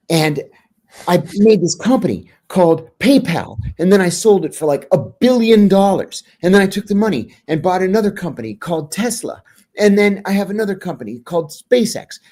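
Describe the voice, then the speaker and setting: A man's voice: high-pitched, expressive, moderate pace, a little mellow, voice pushed up. A man mimicking a gushing tech founder. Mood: excited. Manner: eager, gushing, run-on sentences. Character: excited male tech founder rambling about Mars.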